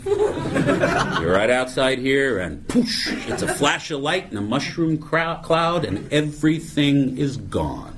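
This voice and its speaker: A man's voice: mid-range voice, sing-song, takes it slowly, noisy background. A middle-aged man telling wry, self-mocking stories as a speaker at a recovery meeting. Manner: wry, storytelling, self-mocking, many "you know"s. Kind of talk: comedic recovery talk to a live audience.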